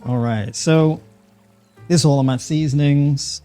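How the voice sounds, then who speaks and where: A man's voice: a little high, a little slow, mellow, soft background music. A man with a New York accent, a nutritionist host, chatting casually while he cooks and adds lots of "right?" and "you know". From New York City. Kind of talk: casual cooking talk.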